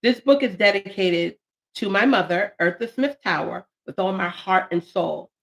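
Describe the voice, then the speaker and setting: A woman in her late forties hosting a live stream, talking warmly and emotionally about her poetry book and the people she dedicated it to. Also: mid-range voice, moderate pace. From United States. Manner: heartfelt, emotional, animated bursts. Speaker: channel host and poet.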